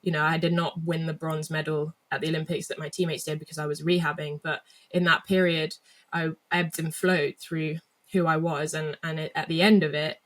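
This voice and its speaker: A woman's voice: low voice, level tone, fairly quick, fairly bright tone. A young woman from England speaking as an interview guest. She tells her story reflectively, with frequent fillers and restarts. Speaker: guest athlete.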